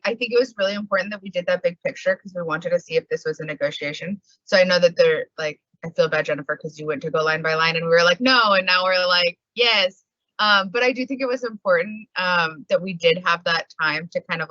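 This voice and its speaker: A chatty woman negotiator in a virtual meeting, with a bright and lively voice. She laughs often and says "like" a lot. The audio is dry and muffled, as on a video call. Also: on the low side, no echo. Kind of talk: casual meeting talk.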